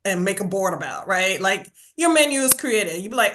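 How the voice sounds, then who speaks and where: A woman talking animatedly as a podcast guest, emphatic and quick to laugh. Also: medium pitch, lively intonation, fairly bright tone, slight background noise. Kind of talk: casual podcast conversation.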